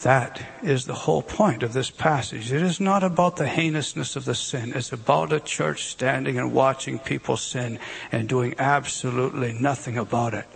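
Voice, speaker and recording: A man's voice: mid-range voice, moderate pace, vocal fry, breathy edge. A man preaching a sermon with emphatic delivery and rhetorical questions. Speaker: pastor.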